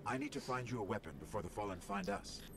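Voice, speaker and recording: A man voicing a small floating robot companion in a video game, urgent and protective, speaking in a measured, earnest way. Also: fairly low pitch, lively intonation, crowd noise, natural voice. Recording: game audio under loud music.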